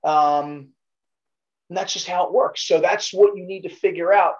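A man's voice: high voice, normal speed, a little mellow. Motivational man on dull audio. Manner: motivational, emphatic, joking. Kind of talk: casual podcast chat.

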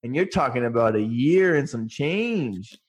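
A man's voice: mid-range voice, expressive, measured pace, breathy edge. A man co-hosting a casual podcast chat, laid-back and slangy. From California. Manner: laid-back, slangy, says "bro" and "dude". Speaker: podcast co-host.

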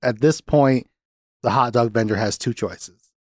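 A young man hosting a podcast, recapping a movie in casual chat, animated and sarcastic, laughing often. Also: mid-range voice, unhurried, no room sound, clean studio sound. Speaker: podcast host.

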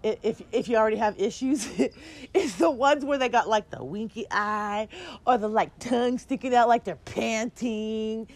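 Female co-host, chatty, rambling delivery, slightly high voice. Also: normal speed, a little mellow. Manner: chatty, rambling, laughs often. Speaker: podcast co-host. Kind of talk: casual chat.

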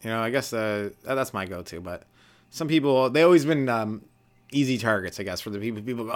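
A young man from Canada hosting a solo comedy podcast, rambling loosely, swearing freely and acting out quick little voices for the people in his stories. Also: medium pitch, very animated. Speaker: podcast host, stand-up comedian.

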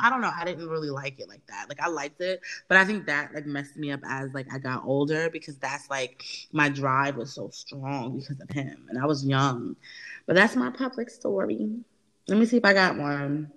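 A woman's voice: sits low, animated, fairly quick, a bit bright. A young woman co-hosting a casual podcast, chatty, candid, and full of fillers. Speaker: podcast co-host. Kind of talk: casual chat.

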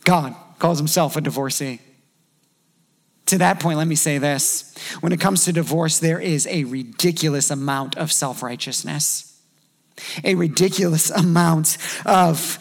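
At a measured pace, a pastor delivers a relaxed, conversational sermon. His voice is rough and gravelly while pitched high for a man, and he briefly acts out quotes to illustrate what he means.

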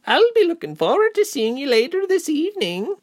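Cheerful innkeeper lady, very high and sweet, chattering, lively sing-song lilt, dry close sound. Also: a little fast, no room sound.

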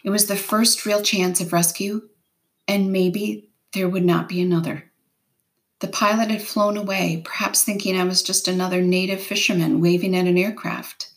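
A woman reading a novel aloud in first person with steady, unhurried storytelling. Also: medium pitch. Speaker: reader.

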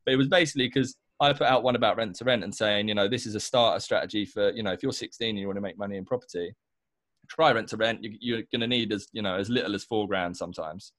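A man's voice: fairly low pitch, fast talker, fairly bright tone, no room sound. A young man, a podcast guest, chatting casually with lots of likes and you-knows. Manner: chatty, says like and you know a lot. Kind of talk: casual chat.

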